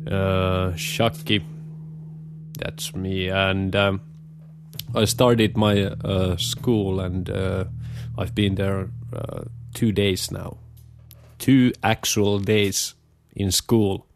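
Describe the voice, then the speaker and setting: A young man with a Scandinavian accent, talking in a casual, rambling way and pausing often on filler sounds. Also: deep voice, flat delivery, gravelly. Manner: hesitant, many filler pauses. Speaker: show host. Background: guitar music.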